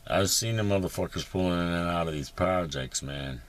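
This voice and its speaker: Low-voiced guy ranting in his parked car, lots of cussing and um's, sarcastic. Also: fairly quick. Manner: profane, sarcastic, rambling with many fillers. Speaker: vlogger. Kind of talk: rambling casual monologue. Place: inside his parked vehicle.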